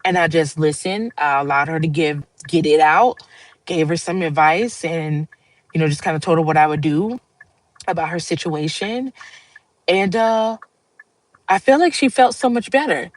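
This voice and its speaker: A woman's voice: sits low, moderate pace, no echo, rough recording. Earnest woman chatting on a livestream. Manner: earnest, rambling, laughs often, addresses viewers as y'all. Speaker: livestream host. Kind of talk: casual heartfelt monologue.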